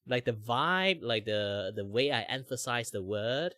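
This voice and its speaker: Ein junger Mann mit malaysischem Akzent, der im lockeren Plauderton abschweift, oft „like“ einstreut und lebhaft Stimmen nachmacht. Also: male voice, mid-range voice, measured pace, dry recording, clean studio sound. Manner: rambling, many "like" fillers, animated impressions. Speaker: streamer host. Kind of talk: casual chat while drawing.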